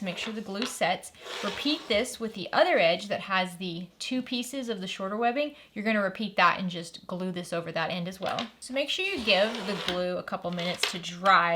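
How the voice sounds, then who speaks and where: A woman's voice: mid-range voice, background noise. A woman hosting a sewing tutorial, walking through each step in a friendly, practical way and stopping now and then to correct herself.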